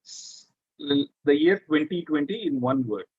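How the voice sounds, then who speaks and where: A man's voice: on the high side, expressive, a little slow, slightly rough, dry recording, muffled recording. A man in his thirties with a Tamil-influenced Indian English accent leads an online training session for teachers. He talks conversationally, repeats key words and asks the audience questions. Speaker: workshop trainer. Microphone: video call.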